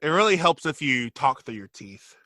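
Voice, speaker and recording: A man's voice: a little high, very animated, bright, forceful tone, dry recording, studio quality. A man co-hosting a podcast in casual chat, upbeat and joking. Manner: upbeat, quick to quote and joke. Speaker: podcast co-host.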